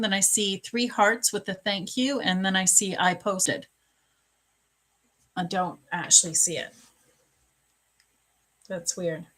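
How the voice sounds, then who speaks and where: Hosting a live psychic reading, a middle-aged woman with a medium-pitched voice answers viewer questions slowly, softly, emotionally and earnestly. The recording is rough.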